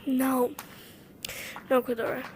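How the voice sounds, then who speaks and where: A woman's voice: high voice, level tone, slow pace, background noise. A woman giving casual, chatty gameplay commentary, exclaiming and giggling to herself as she plays. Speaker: gaming vlogger.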